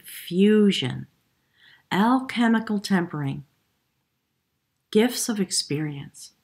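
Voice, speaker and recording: A woman giving a spiritual tarot reading to camera, effusive and emotional, often dropping her voice to a hushed whisper. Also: mid-range voice. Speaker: tarot reader.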